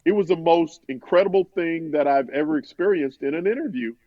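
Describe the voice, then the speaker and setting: A man's voice: on the high side, animated, brisk, no room sound. Male sportswriter guest, chatty storyteller, muffled dry recording. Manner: rambling, many restarts, quotes others in his own voice. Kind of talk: conversational storytelling. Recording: dull, dry podcast audio.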